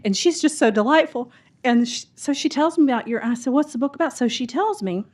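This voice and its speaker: A woman's voice: fairly high pitch, fairly quick. A middle-aged woman from the US South with a Southern drawl, telling a rambling personal story as an audience member at a bookstore talk. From Mississippi and Tennessee, US South. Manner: chatty, rambling, animated storyteller acting out quotes. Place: bookstore event room.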